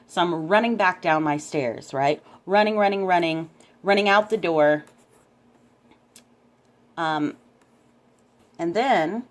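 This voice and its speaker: A woman with a somewhat low-pitched voice tells a story to camera in a casual, lively way. She keeps checking in with her viewers, tossing in "right?" as she goes. It sounds like she is filming herself on a handheld camera. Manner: animated, repeatedly checking in with "right?". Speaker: vlogger recounting a dream.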